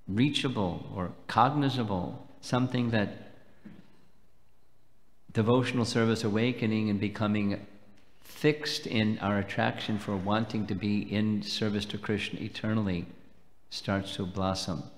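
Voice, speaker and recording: A low-voiced man delivers a measured devotional lecture, pausing to explain each point. His voice rings out with a long reverb that fills the temple hall. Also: steady tone. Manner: measured, explanatory, slow and deliberate. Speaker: swami lecturing at a festival.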